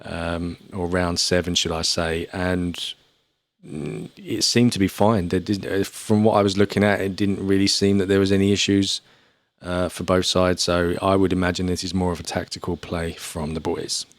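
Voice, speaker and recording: A man's voice: low voice, flat delivery, normal speed, no room sound, clean studio sound. A young man commentating an esports match in a laid-back, hesitant way with many fillers. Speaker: esports caster. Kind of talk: casual commentary chat.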